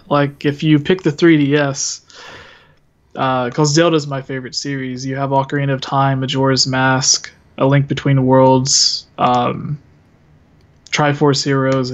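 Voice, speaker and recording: Halting man on a dull line. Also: medium pitch, little pitch movement. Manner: halting, thinks aloud with fillers. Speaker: guest, video creator. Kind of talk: casual chat.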